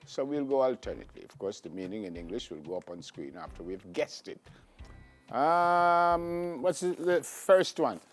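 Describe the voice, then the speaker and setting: A man's voice: medium pitch, very animated, moderate pace, faint music behind. A Jamaican man co-hosting a morning TV segment, thinking aloud with frequent ums and restarts. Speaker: morning show co-host. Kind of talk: casual studio chat. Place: TV studio.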